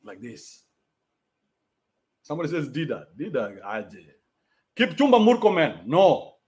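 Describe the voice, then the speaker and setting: A man's voice: a little high, sing-song, normal speed, a little mellow. A young adult man with a Kenyan accent, ranting bluntly in a profane, mocking livestream. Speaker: commentator. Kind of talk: livestream rant.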